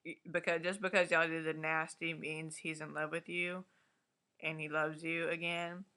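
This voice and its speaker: Brief: casual woman vlogger, lowish but bright voice, ranting and animated. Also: moderate pace, clean tone. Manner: animated, swears, acts out the characters' lines. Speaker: vlogger reviewing a TV episode. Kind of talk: casual recap rant. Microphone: webcam or laptop mic.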